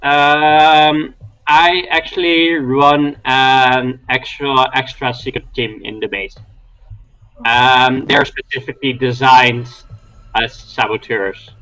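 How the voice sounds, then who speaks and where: A man's voice: mid-range voice, fairly even intonation, slow, pushed and bright, low-quality recording. A man playing a tabletop role-playing game over an online voice call, talking hesitantly with many fillers. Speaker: player. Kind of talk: casual tabletop game chat.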